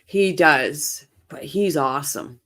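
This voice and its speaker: This woman has a low-pitched, fairly bright voice with lively intonation, and she speaks slowly. Tired from little sleep, she hosts a casual true crime stream, reacting to chat in a chatty, opinionated way that rambles and restarts.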